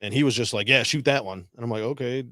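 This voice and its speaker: A Detroit, Michigan veteran, medium-pitched and fast-talking, casually trades war stories as a guest, profane and laughing often as he quotes people with animation. The studio-quality recording has no echo.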